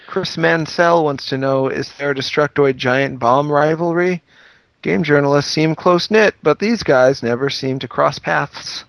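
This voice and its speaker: A man's voice: on the high side, unhurried, gravelly, fairly bright tone, no room sound. Dry-humored man podcast host. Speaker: podcast host reading listener questions. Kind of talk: casual podcast banter.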